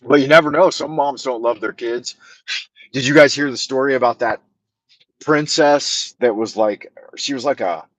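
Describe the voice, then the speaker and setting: A man's voice: medium pitch, a little slow, dry recording. Profane, rambling man. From United States. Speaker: livestream host. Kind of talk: rambling livestream chat. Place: home in China. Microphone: camera mic on a mount.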